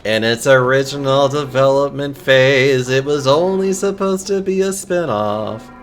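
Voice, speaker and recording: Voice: mid-range voice, unhurried, soft background music. A game streamer chatting casually while playing, swearing freely and laughing often. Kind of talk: casual live-stream chat.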